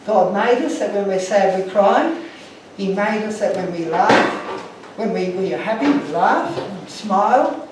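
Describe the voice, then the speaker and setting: A man's voice: high-pitched, expressive, a little slow, hardly any pauses, heavy background noise. A man giving an emotional, earnest talk to an audience, telling stories with slides. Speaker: speaker. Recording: echoey room from far off.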